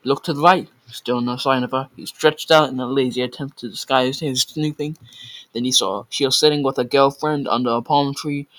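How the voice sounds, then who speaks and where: Bright-voiced man reading a story aloud. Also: mid-range voice, fairly even intonation, brisk, rough recording. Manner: stumbling over words, correcting himself. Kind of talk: casual read-aloud of a story.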